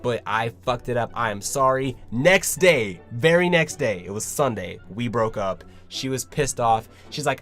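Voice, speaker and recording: A man's voice: medium pitch, animated, moderate pace, hardly any pauses, fairly bright tone, faint music behind. A young man vlogging a casual storytime, loose and chatty, full of filler words and swearing.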